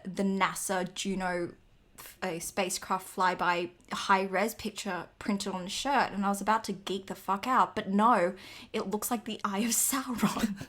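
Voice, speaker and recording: A woman co-hosting a podcast in loose, casual chat. She talks a lot, swears without a second thought and laughs easily. Her voice sits in an ordinary middle pitch. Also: a bit bright. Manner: chatty, swears freely, laughs often. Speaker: podcast co-host.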